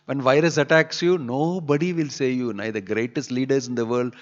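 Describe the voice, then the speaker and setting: A preacher with a mid-range, steady voice speaks fairly quickly, delivering an emphatic scripture sermon in a temple hall and driving his points home with rhetorical questions. The recording is dull and lo-fi, with the long reverb of the hall.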